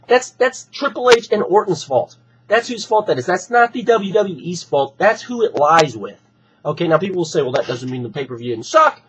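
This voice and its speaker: Hoarse man ranting heatedly. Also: sits high, slight background noise, poor audio. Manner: heated, profane, repetitive ranting. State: hoarse from recent illness. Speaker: wrestling fan vlogger. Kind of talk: opinion rant to camera.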